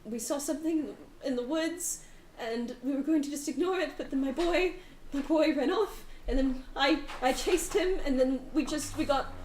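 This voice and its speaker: Woman GM voicing a frantic tearful mother, high, pleading voice, echoey room. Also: normal speed, a little mellow, a little hiss or hum, close to an everyday voice. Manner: pleading, breathless, on the verge of tears. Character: desperate exhausted woman searching for her lost son.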